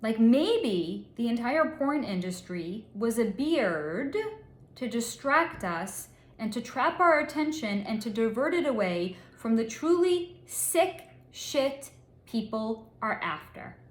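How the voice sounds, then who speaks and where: A woman's voice: on the high side, big pitch swings, slow pace, roomy sound. Blunt, swearing woman psychic. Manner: blunt and candid, swears freely, spells out crude words. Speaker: psychic reader. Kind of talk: relaying a channeled reading.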